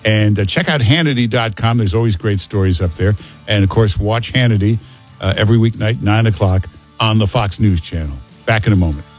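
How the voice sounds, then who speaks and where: A man's voice: fairly low pitch, a little fast, faint music behind. A man hosting a talk radio show, brash and teasing with callers and co-host. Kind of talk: casual talk radio banter. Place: radio studio. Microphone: studio microphone.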